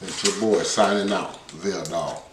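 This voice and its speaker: Heard through a distant mic with reverb and background noise, a deep-voiced man speaks at a measured pace. He's a cooking channel host making a relaxed vlog at home, chatting away and talking through mouthfuls as he samples his dish.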